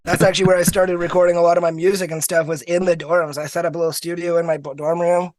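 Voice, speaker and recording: High-voiced Canadian man telling stories. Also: fast talker, no echo. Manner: animated, laughs often, restarts mid-sentence. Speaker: podcast guest. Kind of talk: casual storytelling.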